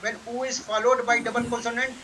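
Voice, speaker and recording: A man teaching German online, correcting pronunciation patiently and repeating words slowly. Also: very high-pitched, flat delivery, pushed and bright, a little hiss or hum, poor audio. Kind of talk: online language lesson.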